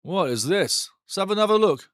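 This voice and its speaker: A man hosting a live football watch-along, commenting on play with excitable, sweary banter aimed at his chat. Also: sits high, normal speed, no room sound, clean studio sound.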